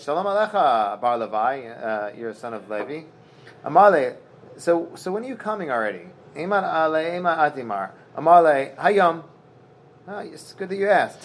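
A man teaching a Talmud lesson in a loose, chatty way, reading Aramaic phrases and retelling them in plain slang with many fillers. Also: medium pitch. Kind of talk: casual Talmud class.

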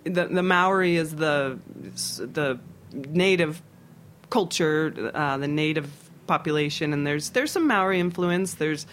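Unhurried and a little high-pitched, the voice belongs to a middle-aged chef from Philadelphia, United States, with slight noise in the background. His casual interview stories wander animatedly through many fillers and false starts.

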